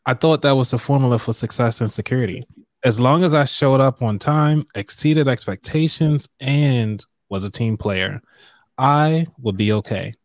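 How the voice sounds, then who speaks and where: A man's voice: mid-range voice, moderate pace, no echo. Laid-back man hosting a live money show. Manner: relaxed, loose, with fillers and throat clearing. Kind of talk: casual live-stream chat and reading aloud.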